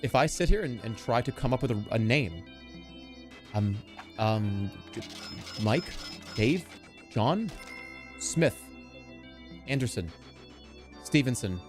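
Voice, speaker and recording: Lively joking man streamer in his thirties. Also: slow pace, pauses often, over music. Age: 30s. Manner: animated and jokey, swings between loud outbursts and low mutters. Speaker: livestreamer. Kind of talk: casual chat with live chat.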